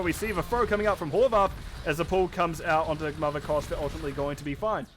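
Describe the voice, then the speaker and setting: A man casting a live esports match with quick, chatty play-by-play commentary, often correcting himself mid-sentence. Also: fairly high pitch, steady tone, a bit bright, a little hiss or hum. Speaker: esports caster.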